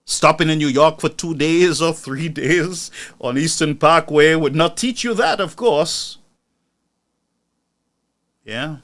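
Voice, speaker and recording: A man's voice: a little high, slow, pauses often, fairly bright tone. A man delivering indignant, mocking political commentary as a news show host.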